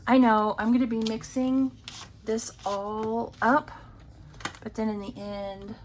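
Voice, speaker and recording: Casting note: unhurried woman budget vlogger, easygoing talk, faint hiss behind her. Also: fairly high pitch, fairly even intonation, poor audio. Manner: slow, rambling, many ums. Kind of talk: casual chat while counting cash. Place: home.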